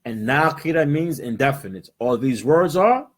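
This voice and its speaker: In a live classroom lesson, an Arabic teacher from the United States patiently explains material, switching between English and Arabic and repeatedly checking in with "right?" He speaks at a normal speed with a husky, medium-pitched voice and lively intonation.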